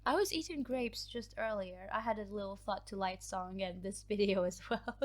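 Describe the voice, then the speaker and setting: A woman's voice: medium pitch, moderate pace. A woman hosting a book channel, chatting casually as she reads out viewer comments. She laughs often, mocks herself, and her voice is cracking.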